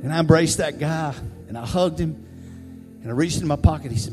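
A male pastor telling a personal story in a conversational, animated sermon style. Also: a little high, brisk. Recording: reverberant hall, faint music.

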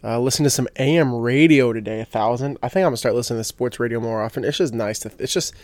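A man's voice: medium pitch, fast, a little mellow, no echo. A young man hosting a casual solo podcast, rambling with lots of fillers and restarts and getting fired up about sports. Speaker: podcast host.

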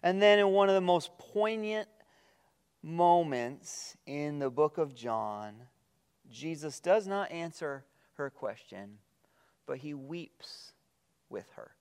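Male pastor, sermon delivery, slightly high voice, reflective, soft slow drops at phrase ends. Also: lively intonation, clear, resonant tone. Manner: reads scripture aloud with quiet emphasis.

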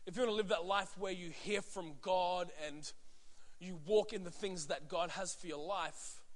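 A man's voice: high-pitched, normal speed. A man in his thirties preaching a sermon as pastor, conversational with frequent fillers and asides. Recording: long hall reverb.

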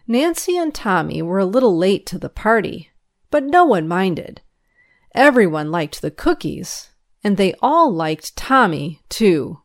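Here a reader goes through a school paper out loud, its news as well as its stories. She's a woman with a medium pitch, and her delivery is measured and expressive, like a storyteller.

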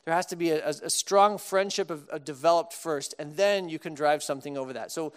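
A man's voice: fairly high pitch, brisk, smooth. A man from Texas preaching a sermon, casual and humorous, acting out little dialogues with comic voices. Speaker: pastor.

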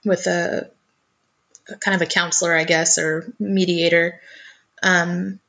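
A woman's voice: fairly low pitch, level tone, measured pace, creaky, sharp tone. A woman telling a personal family story in conversation, earnest and often repeating her first words as she goes.

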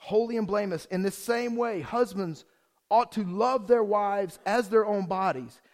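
A man with a high voice preaches a sermon to his church. He is animated and playful, joking with the people in the pews between readings. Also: moderate pace. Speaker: pastor.

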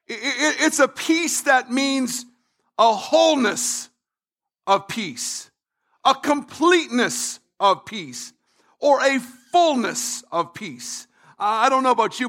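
A man pastor preaching a sermon, emphatic, repeating phrases and building to shouts. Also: very high voice.

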